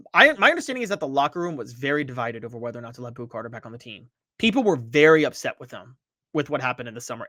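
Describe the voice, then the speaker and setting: Bright, dry-sounding man talking sports. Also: fairly high pitch, dry recording. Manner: opinionated, talks straight to viewers and chat. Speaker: sports podcast host. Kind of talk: casual sports commentary.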